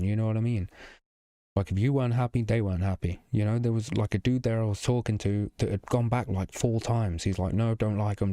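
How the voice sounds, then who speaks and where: A young man speaking casually to camera, telling a long, rambling story full of fillers, restarts and swearing. His voice sits on the low side with a warm, mellow tone. The recording is close and dry, with no room sound. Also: no echo. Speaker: vlogger.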